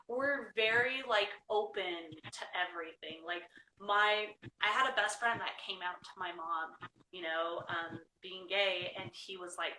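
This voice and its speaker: A woman chatting as an interview guest, quick to laugh and always asking "right?". Her voice is bright and forceful and sits a little high. She sounds a bit far from the mic in an echoey room, with faint noise behind her. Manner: chatty, laughs often, says "right?" a lot. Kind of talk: casual interview chat.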